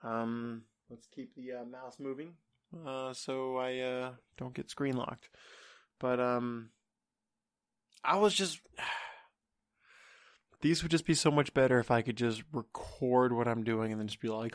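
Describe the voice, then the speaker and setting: Podcast host, male, mid-pitched voice, loose and profane, talks into a desk mic at home. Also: steady tone, slow, pauses often, smooth. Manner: rambling and profane, with many fillers. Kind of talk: casual comedic solo podcast rant. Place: home apartment. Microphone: desk microphone.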